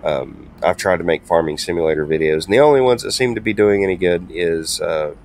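A man's voice: sits low, expressive, fairly quick, darkish tone. A man hosting a truck game video, talking casually and hesitantly with many ums and restarts. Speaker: gaming channel host. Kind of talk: casual gameplay commentary.

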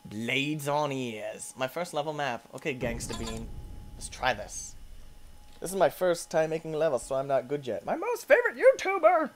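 A man giving excitable let's play commentary, yelping and squealing as things go wrong and talking to the characters on screen. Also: medium pitch, normal speed, a little hiss or hum. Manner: playful, talks to the game characters. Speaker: gaming YouTuber.

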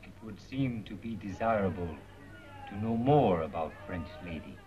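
An actor playing a calm, watchful man who speaks formally in aphorisms and drops his articles, in 1930s film acting. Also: on the low side, moderate pace, natural voice. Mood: measured. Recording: dull 1930s film soundtrack.

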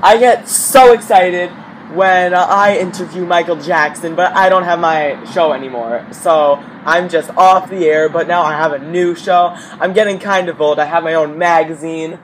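A young vlogger in a celebrity guessing game, playful and laughing, slipping into quick mock impressions. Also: medium pitch, fairly even intonation, slight background noise, low-quality recording. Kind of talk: casual chat.

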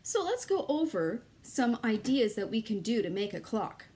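A woman's voice: fairly high pitch, sing-song, normal speed, darkish tone. A woman leading a children's activity lesson as an early childhood educator, coaxing young kids in a sing-song voice and inviting them to join in.

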